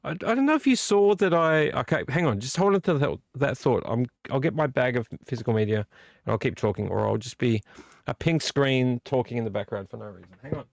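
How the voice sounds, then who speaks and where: A man's voice: mid-range voice, animated, fairly quick, vocal fry, no room sound. A man hosting a casual live stream, chatty and rambling, a bit tipsy from beer. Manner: rambling, chatty, self-deprecating. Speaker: livestream host.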